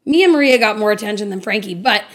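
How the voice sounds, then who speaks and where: A woman's voice: medium pitch, fast. A woman co-hosting a casual podcast chat, emotional and blunt, swearing freely as she talks. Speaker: podcast co-host.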